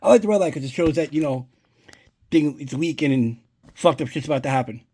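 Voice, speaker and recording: Man, slightly high voice, casual home vlog, rambling and profane. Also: a little fast, dark tone, breathy edge. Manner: rambling storyteller, swears a lot, "blah, blah, blah". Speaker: collector showing a movie prop. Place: indoors at home.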